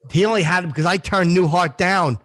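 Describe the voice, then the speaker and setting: A man's voice: high-pitched, brisk, a bit bright, no echo. Man playing a swaggering vain comic, raised voice, dry close sound, crude and boastful. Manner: brash, swaggering, heavy swearing. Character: crude boastful middle-aged male comedian, vain and petty. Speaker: podcast host. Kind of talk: improvised character comedy.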